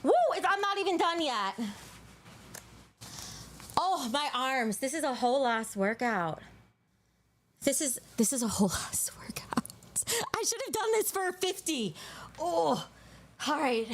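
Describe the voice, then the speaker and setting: A woman's voice: high voice, sing-song, measured pace, long pauses, a bit bright, a little hiss or hum. A woman hosting a casual livestream, talking to her chat in a crude, joking, bubbly way, sometimes out of breath. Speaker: livestream host.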